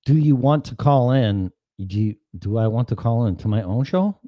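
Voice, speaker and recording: Speaking at a normal speed in a mid-range voice, this male podcast host runs a casual solo livestream full of rambling, sarcastic, foul-mouthed tangents. There's no room sound, and the highs are cut off.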